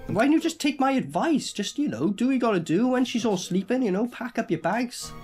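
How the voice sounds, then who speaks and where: A man's voice: very high voice, expressive, fairly quick, darkish tone, faint music behind. A man reviewing a film in casual reaction commentary, blunt, sweary and rambling.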